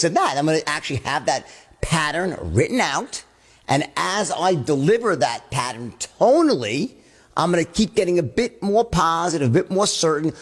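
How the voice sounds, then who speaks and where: A man teaching a sales lesson, switching in and out of both sides of a sales call as he explains it. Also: fairly high pitch. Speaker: sales trainer.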